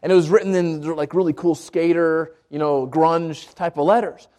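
A man's voice: fairly high pitch, fairly even intonation, moderate pace, warm tone. A middle-aged male pastor telling a personal story in a sermon, with frequent restarts and repeated words. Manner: storytelling with many restarts and stammers.

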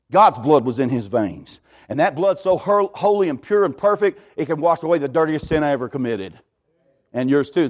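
Folksy high-voiced preacher man. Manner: folksy, animated preaching with repeated "hey, listen to me". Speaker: pastor. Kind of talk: sermon.

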